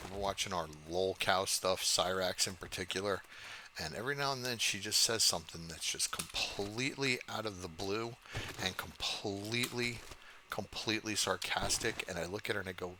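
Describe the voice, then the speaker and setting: A man in his fifties with a low, deep voice chats through a gaming session in a casual, profane ramble. He mocks his own bad jokes and drifts off-topic easily. The recording carries clear background noise and clicking. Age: 50s. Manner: rambling, profane, self-mocking humor. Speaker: gaming channel host. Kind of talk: casual let's-play commentary.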